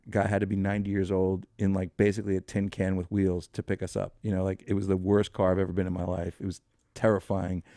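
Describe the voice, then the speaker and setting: Fiftyish male guest: low, dark, gravelly storyteller, dry close sound, loose and profane. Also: no room sound. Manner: animated storyteller who swears freely. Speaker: podcast guest. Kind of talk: storytelling interview.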